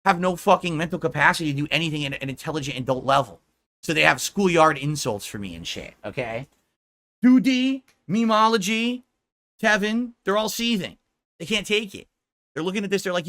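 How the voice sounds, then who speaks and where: Bright-voiced man ranting profanely. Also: on the high side, expressive, brisk. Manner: profane, mocking, combative. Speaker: livestreamer. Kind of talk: profane livestream rant.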